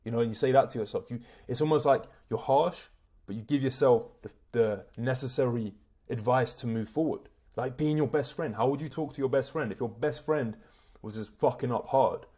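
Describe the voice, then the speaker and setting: An energetic man speaks straight to camera as a self-improvement coach. He talks in a loose, slangy way and swears freely. His pitch sits at an ordinary middle level for a man. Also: a little fast, husky. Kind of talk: motivational talk to camera.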